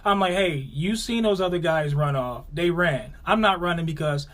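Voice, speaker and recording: Animated high-voiced man telling a story. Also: moderate pace. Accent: Buffalo, New York. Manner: animated, acts out quotes with raised voice. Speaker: podcast co-host. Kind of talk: casual storytelling chat.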